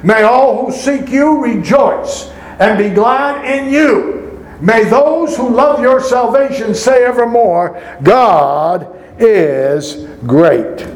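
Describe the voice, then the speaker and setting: A man's voice: very high voice, rough recording. A man pastor preaching a sermon, reading scripture aloud and asking the congregation rhetorical questions.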